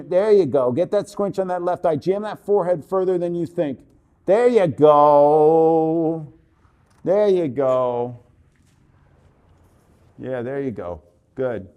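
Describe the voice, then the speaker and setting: A man coaching a portrait subject through a photo shoot, giving brisk, repetitive commands over a live video call. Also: fairly high pitch, mellow.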